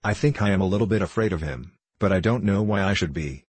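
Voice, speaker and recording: A frank, spirited teenage girl from a storybook, read by a man in his own deep voice. She speaks bluntly and with lively energy. The voice is low and a little husky, recorded dry and close. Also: fast talker, no echo.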